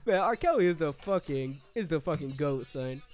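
A man's voice: fairly high pitch, lively intonation, darkish tone. A young man hosting a studio podcast, joking and teasing his friends in casual chat. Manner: joking, quick to tease. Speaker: podcast host.

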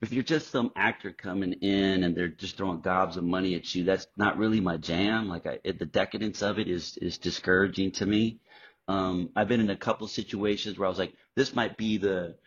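Husky, low-voiced man telling stories. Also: fairly quick. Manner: animated, profane storyteller acting out quotes. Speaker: guest actor. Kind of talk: casual interview storytelling. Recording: dull lo-fi podcast audio.

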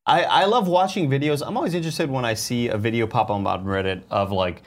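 A man's voice: mid-range voice, brisk. A man co-hosting a casual morning show, playful and rambling, often laughing. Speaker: co-host.

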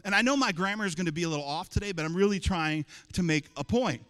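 A man's voice: high-pitched, fast, fairly bright tone. A man preaching a sermon as pastor, emphatic and calling on the congregation to answer back. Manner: emphatic, calls for congregation responses. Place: church hall. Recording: long hall reverb.

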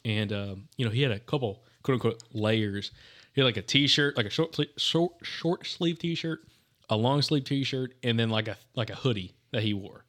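A man's voice: on the low side, brisk, fairly bright tone. A man telling a hunting story in casual podcast chat, rambling with plenty of fillers. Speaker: podcast co-host.

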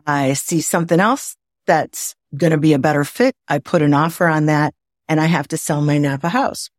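A woman from the Midwest of the United States, a guest on a video call, telling lively anecdotes and acting out her own inner voice. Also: low voice, normal speed, no room sound, studio quality. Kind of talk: conversational storytelling. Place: home, indoors.

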